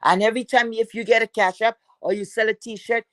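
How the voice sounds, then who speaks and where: A woman's voice: mid-range voice, steady tone, quick pace, no echo. A woman from Philadelphia hosting a livestream, ranting and taunting a rival with heavy profanity. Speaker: livestream host.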